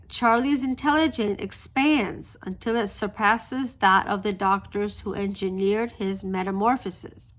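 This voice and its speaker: A woman, a book vlogger, gushing softly about a favorite novel while talking into a phone camera outdoors on a street. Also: on the high side. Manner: gushing, soft-spoken, restarts often. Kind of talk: casual vlog chat. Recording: faint street traffic noise.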